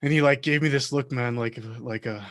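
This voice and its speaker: A man's voice: medium pitch, steady tone, brisk, fairly bright tone. A man hosting a podcast, telling rambling, easygoing stories in casual chat. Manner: rambling storyteller, easygoing, laughs along. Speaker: podcast host.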